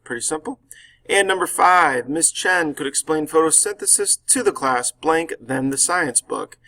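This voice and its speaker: A man's voice: on the high side, animated, normal speed, pushed and bright. A man teaching a grammar lesson, explaining each answer step by step and reading the example sentences aloud. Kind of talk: recorded grammar lesson walkthrough.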